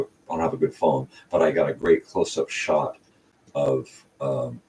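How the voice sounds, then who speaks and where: A man's voice: extremely low pitch, a little mellow. An older man hosting his own channel, telling a casual, rambling story full of ums and restarts. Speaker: channel host. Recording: distant mic with faint hiss.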